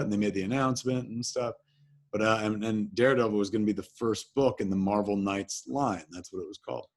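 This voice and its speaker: A man from New Jersey, a guest in an interview, telling animated anecdotes in casual talk and swearing freely. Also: lowish voice, moderate pace. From New Jersey, USA. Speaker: interview guest, filmmaker and comics writer.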